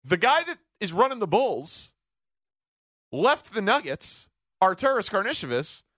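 Bright, lively male co-host. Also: high-pitched, a little slow, dry recording, clean studio sound. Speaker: sports talk co-host. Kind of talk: casual radio chat.

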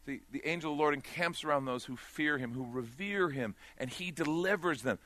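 A man preaching a sermon as pastor, swinging from loud urgent peaks to quiet low asides. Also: fairly quick.

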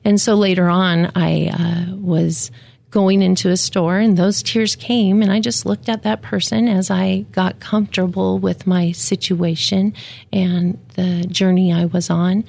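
Slow, gravelly-voiced widow sharing faith. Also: female voice, lowish voice, flat delivery. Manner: slow, gentle, reflective, with fillers. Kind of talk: personal devotional talk.

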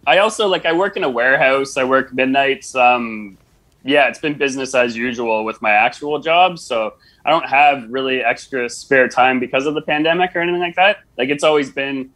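A man's voice: mid-range voice, moderate pace, fairly bright tone. A man with a Canadian accent, a podcast guest telling stories in a laid-back, sarcastic way. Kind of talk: casual storytelling.

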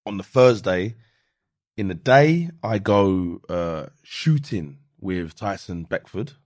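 A man, telling animated stories in a casual podcast chat and swearing freely. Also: low-pitched, slow pace, dry recording, studio quality. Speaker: guest.

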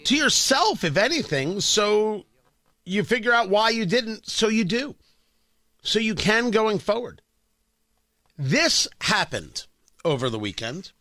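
A middle-aged man from the New York and New Jersey area, a radio host telling a self-mocking story in an animated way. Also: high voice, takes it slowly, long pauses, no echo, clean studio sound. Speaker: radio talk show host. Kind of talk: radio monologue.

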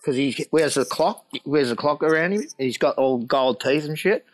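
An Australian man tells stories in a loose, laughing chat, voice sitting a touch high. He swears freely and acts out each quoted line with plenty of swing. The delivery is animated and rowdy. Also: moderate pace, low-quality recording. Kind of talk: casual storytelling chat.

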